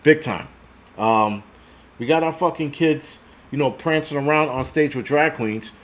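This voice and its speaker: A man's voice: fairly high pitch, unhurried. A man in his forties hosts a loose livestream, swearing freely and rambling as he answers viewer comments. His voice sits slightly above the usual male range. The tone stays blunt and unpolished throughout. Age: 40s. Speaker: host. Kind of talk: casual livestream rant.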